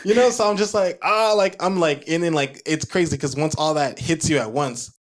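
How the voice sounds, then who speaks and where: A man in his twenties telling a story in casual chat, animated and full of "like" fillers. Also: moderate pace. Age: 20s. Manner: animated, acts out his own reactions in a high excited voice; heavy use of filler "like". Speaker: guest, producer and audio engineer.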